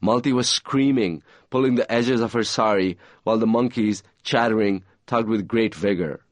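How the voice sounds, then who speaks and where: A man reading aloud from his own novel in a measured, even storytelling manner. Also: on the low side, no echo.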